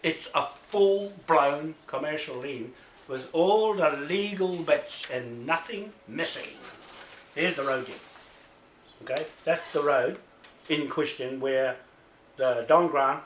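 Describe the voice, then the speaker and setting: A man's voice: a little high, slow pace. Angry, swearing New man in an echoey room. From New Zealand. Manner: angry, profane, repetitive, keeps asking "right?". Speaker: self-recorded complainant. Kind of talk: ranting self-made video. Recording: echoey room with faint noise.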